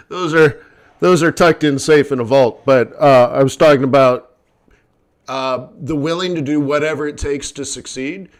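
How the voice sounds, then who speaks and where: A man hosting a live trading stream, telling stories in a lively casual way and acting out the people he quotes. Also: a little high. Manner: animated, acts out quoted people. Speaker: forex trading host. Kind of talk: live stream chat and storytelling.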